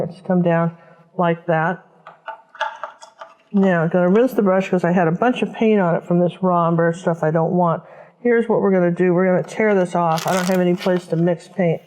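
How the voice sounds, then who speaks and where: A woman's voice: lowish voice, warm tone, low-quality recording. A woman teaching a step-by-step painting lesson, chatting casually and thinking aloud as she works. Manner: chatty, talks while working, thinks aloud. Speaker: painting instructor.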